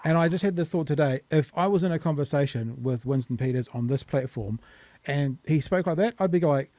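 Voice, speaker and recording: A man's voice: a little high, brisk, warm tone. A man with a New Zealand accent co-hosting a casual political chat, blunt and swearing freely as he gets heated. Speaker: podcast co-host.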